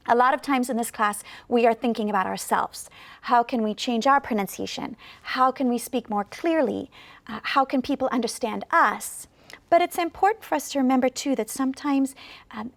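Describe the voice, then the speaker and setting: High-voiced woman teaching a clear lesson. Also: dry recording. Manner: slow, clear, encouraging teacher talk. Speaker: ESL teacher. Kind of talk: video lesson to learners.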